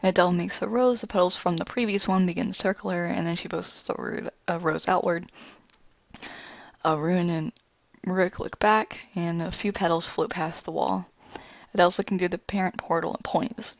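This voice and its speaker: A woman walks through a scene from her animation pitch in a loose, casual way, full of ums and uhs. Her lowish voice has a gravelly edge. The recording is dry and dull, with a lo-fi sound. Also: fairly even intonation, normal speed, dry recording. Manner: loose storytelling with many fillers.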